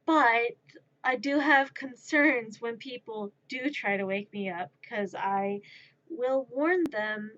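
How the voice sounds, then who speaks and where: A woman's voice: on the high side, takes it slowly, a bit bright, lo-fi sound. A woman streamer in a casual chat who rambles, mocks herself and laughs at herself. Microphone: streaming microphone.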